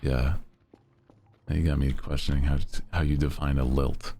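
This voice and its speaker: A man's voice: rumbling low, flat delivery, moderate pace, mellow, slight background noise. A man chatting casually on a live stream as its host, with a melodic, lilting delivery that rises at the ends of sentences.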